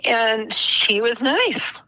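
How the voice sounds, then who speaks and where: A middle-aged woman speaks with a bright, clear tone as a podcast guest. She unfolds an emotional personal story at an unhurried, deliberate pace. At tender moments her voice sinks to a whisper, and the sound stays close and dry. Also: fairly high pitch, expressive, no echo, poor audio. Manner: slow and earnest, dropping to a whisper at tender moments.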